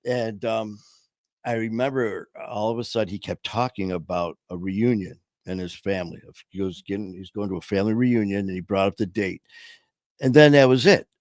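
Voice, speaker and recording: Middle-aged male host, casual rambling storyteller, lowish voice, dry close sound. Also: moderate pace, a little mellow, no echo. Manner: rambling, with many fillers. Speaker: podcast host and former trainer.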